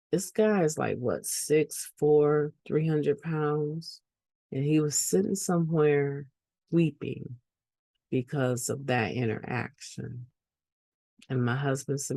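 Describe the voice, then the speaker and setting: A woman's voice: low-pitched, slow pace, vocal fry, mellow, dry recording. A woman giving an earnest personal testimony at a recovery meeting, repeating phrases for emphasis.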